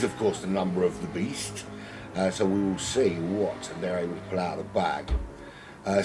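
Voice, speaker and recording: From his home, a South London man with a low voice and a South London accent commentates on a sim race in a rambling, chatty, self-mocking way. There's background noise.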